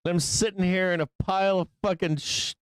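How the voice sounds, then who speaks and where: A man hosting a live trading stream, swearing and impatiently yelling at the price chart, with excitable bursts and frequent laughs. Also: high-pitched, brisk, clean tone, no echo. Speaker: live trading show host. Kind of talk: live-stream market commentary.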